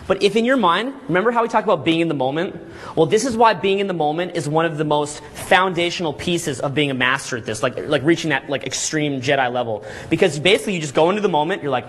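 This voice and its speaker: A man coaching a live seminar group, talking energetically and checking in constantly with "okay?" and "all right?", sometimes acting out quick scenes. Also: on the high side, animated, a bit bright. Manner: acts out little scenes in quick put-on voices. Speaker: dating coach and boot camp instructor.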